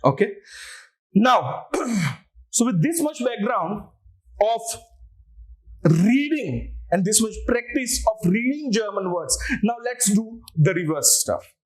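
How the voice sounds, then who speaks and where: A man's voice: sits high, big pitch swings, slow. A man with an Indian English accent, teaching an online language lecture and patiently spelling words out letter by letter.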